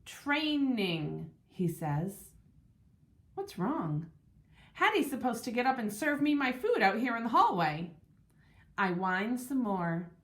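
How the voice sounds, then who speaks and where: Lively, bright-voiced woman storyteller. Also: fairly high pitch, moderate pace. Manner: expressive, lively first-person reading. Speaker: audiobook narrator. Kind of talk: storybook narration.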